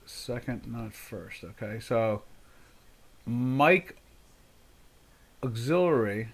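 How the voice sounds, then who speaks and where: This trading show host is an older man, chatty on his live stream and musing aloud as he fixes settings. His mid-range voice is very animated and fairly bright, slow in pace, with vocal fry and frequent pauses.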